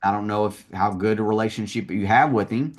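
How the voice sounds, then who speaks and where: A man's voice: on the low side, brisk. A man coaching a salesperson one-on-one, talking in a confident, direct way.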